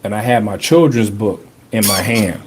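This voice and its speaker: A man hosting a podcast, telling a personal story in a casual, animated way, full of slang and repeated phrases for emphasis. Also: lowish voice, moderate pace, very noisy. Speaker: podcast host.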